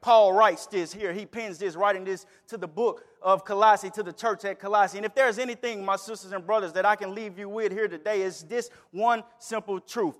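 A man's voice: high-pitched, fairly quick, hardly any pauses, in a large hall. A man preaching a sermon in a church, reading scripture and then telling a story with rising, emphatic delivery. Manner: builds from calm reading to emphatic, raised delivery. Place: church sanctuary.

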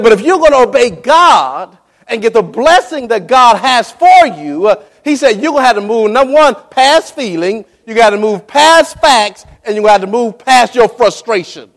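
A man with a strikingly high voice delivers a sermon full of fervor. He stretches out key words with dramatic pauses, repeats phrases for emphasis and keeps calling on the congregation to watch and follow. His voice rings with a long reverb through a large church hall. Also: a bit bright. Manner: fervent preaching with repeated calls to the congregation. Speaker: preacher.

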